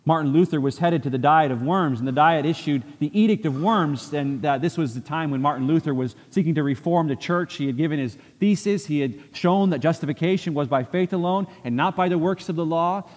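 A man's voice: fairly high pitch, a little fast, hardly any pauses, darkish tone, long reverb tail. A man preaching a sermon from a church pulpit, earnest, repeating phrases for emphasis and acting out quoted speech. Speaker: pastor. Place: church sanctuary.

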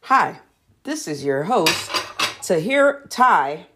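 A woman's fairly low, sing-song voice comes through a very noisy recording at a very slow pace. Hosting a rambling solo podcast by herself at home, she eats while talking, giggles, loses track, and starts over.

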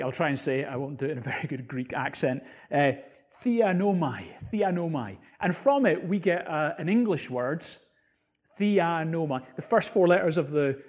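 Man, pastor, sermon, emphatic, explains scripture verses, somewhat high-pitched. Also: darkish tone, slightly rough. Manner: emphatic preaching, voice rising on key words.

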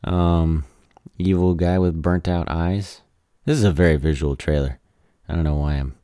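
A man rambling casually as he reacts to movie trailers, halting and self-deprecating, his voice tired from talking all day. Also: deep voice, fairly even intonation, warm tone, no room sound, studio quality.

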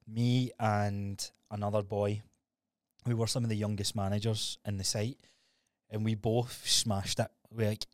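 A man's voice: fairly low pitch, dry recording. A young man co-hosting a podcast, telling stories in a casual, sweary way. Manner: swearing, storytelling, animated retellings. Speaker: podcast co-host. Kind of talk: casual chat.

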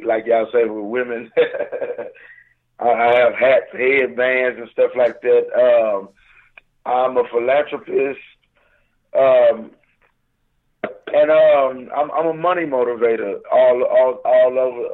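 A raspy-voiced man with a Southern accent calls into a radio show over a tinny phone line. He talks slowly, stumbling and repeating words as if still waking up. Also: mid-range voice, fairly even intonation. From Southern United States. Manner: halting, repeats words, laughs easily. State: just woke up, hoarse after a long show. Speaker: guest. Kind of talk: casual radio interview.

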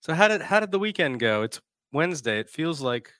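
A man's voice: a little high, sing-song, brisk, a bit bright, no room sound, clean studio sound. A man hosting a casual live-streamed talk show, laughing often and reading out viewer comments. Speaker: podcast host.

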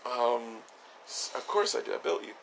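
A man's voice: medium pitch, lively intonation, normal speed, gravelly, fairly bright tone, slight background noise. A man co-hosting a podcast, chatting casually about a TV episode, jokey, swearing and laughing often. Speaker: podcast co-host. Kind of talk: casual chat reviewing a TV episode.

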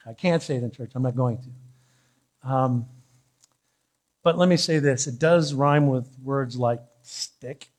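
A pastor preaching a sermon in a church, telling an animated, joking personal story. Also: male voice, mid-range voice, slow, long pauses.

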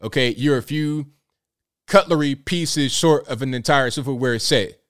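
A man's voice: medium pitch, unhurried, fairly bright tone, smooth. A man hosting a live show, reacting to clips with slangy jokes and frequent laughter. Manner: joking, slangy, laughs often. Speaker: host.

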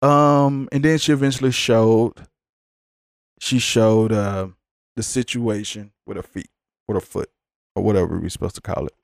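A man's voice: lowish voice, normal speed, creaky, dry recording, clean studio sound. Profane ranting man hosting a podcast. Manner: profane, blunt, ranting, animated. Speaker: podcast host. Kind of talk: casual podcast rant.

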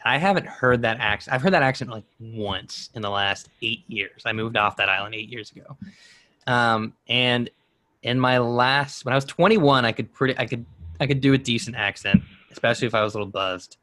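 A man's voice: medium pitch, brisk, pushed and bright, no echo. A man in his twenties chatting casually as a podcast co-host, rambling through a personal story with many restarts. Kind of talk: casual chat.

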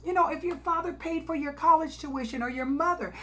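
A woman's voice: high voice, brisk, sharp tone. A woman preaching a sermon, reading scripture and exhorting her listeners, calling them honey and lifting her voice on key phrases.

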